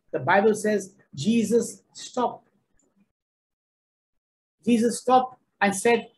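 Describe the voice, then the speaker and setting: A man's voice: high voice, slow pace, pauses often, poor audio. A man preaching a sermon, emphatic and repetitive, driving each point home.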